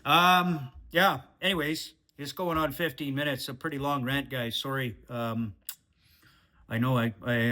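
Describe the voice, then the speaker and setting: A man talking casually in a diary-style vlog, rambling and swearing as he questions himself out loud. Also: medium pitch. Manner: rambling, profane, self-questioning. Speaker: vlogger.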